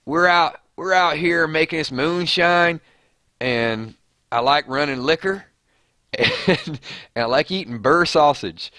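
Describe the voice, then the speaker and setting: A carefree backwoods moonshiner drawls his lines in a raised, twangy voice, as a man puts him on. The delivery is broad and exaggerated, with slow, dry, close sound. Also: a little high, bright, forceful tone, no echo, pitched above the performer's own voice. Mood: gleeful. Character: drawling rural Southern moonshiner man, happy-go-lucky.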